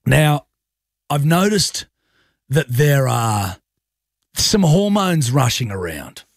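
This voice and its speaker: Lively husky radio man. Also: medium pitch, slow pace, no room sound, clean studio sound. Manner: animated, jokey, acts out voices in his stories. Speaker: radio co-host. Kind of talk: casual radio banter, storytelling. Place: radio studio. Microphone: studio microphone.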